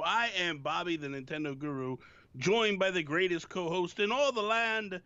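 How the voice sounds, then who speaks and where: A man's voice: high-pitched, bright, forceful tone, smooth, lo-fi sound. A man hosting a gaming podcast, introducing the show in an upbeat way and bantering with his co-host. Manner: upbeat showman, quick interjections. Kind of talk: casual gaming podcast chat.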